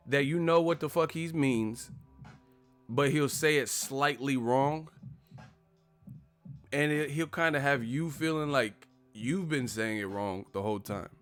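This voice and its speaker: A man with a fairly high-pitched, fairly bright voice comments casually on a live stream. He laughs frequently, swears, talks in slang and breaks into impressions of other people.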